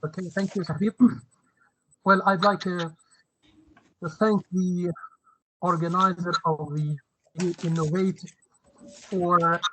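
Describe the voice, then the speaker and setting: A man giving measured, formal remarks in a webinar. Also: high-pitched, pushed and bright, poor audio. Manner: measured, deliberate phrasing. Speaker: education expert on a panel. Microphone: video call.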